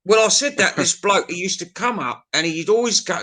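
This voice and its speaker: A middle-aged man rants through a casual stream chat, swearing freely as he spins his stories. His voice sits a little high and sounds bright and forceful. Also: animated, brisk, few pauses. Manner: sweary, ranting storyteller.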